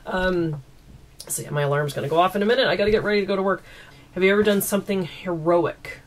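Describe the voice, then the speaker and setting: A woman from East Coast Canada, with a mid-range voice, races through a casual Q&A at home, giggling as she answers viewer questions into a camera mic.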